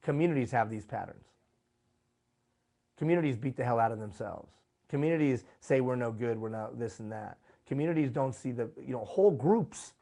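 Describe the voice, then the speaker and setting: A man's voice: mid-range voice, lively intonation, brisk, vocal fry, mellow. A man presenting a live workshop, talking emphatically and putting rhetorical questions to his audience. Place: live event room.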